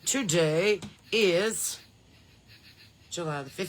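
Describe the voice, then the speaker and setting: A woman with a Southern American accent hosting a podcast, chatting folksy and loose from her porch into a phone, laughing often and swinging between loud and soft. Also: fairly low pitch, lively intonation, a little slow. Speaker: podcast host. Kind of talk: casual livestream chat. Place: outdoors on a porch. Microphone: phone on a holder.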